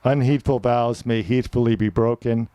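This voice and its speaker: Smooth mellow man teaching a lesson. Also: mid-range voice, fairly even intonation, normal speed, dry recording. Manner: instructive, defining terms and quoting examples. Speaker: public speaking teacher. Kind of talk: online lecture with quiz.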